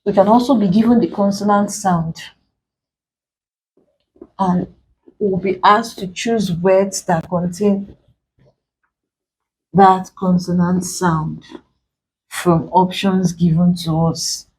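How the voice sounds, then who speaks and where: A woman tutoring exam pronunciation, speaking deliberately and repeating each example word to drill the sounds. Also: lowish voice, fairly even intonation, darkish tone, a little hiss or hum, rough recording. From Nigeria. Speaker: English tutor. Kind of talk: exam-prep pronunciation lesson.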